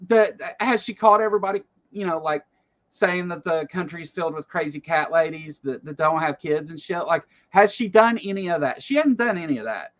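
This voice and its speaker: A man hosting casual political commentary, animated and rambling, with lots of fillers and swearing. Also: on the high side, brisk, highs cut off.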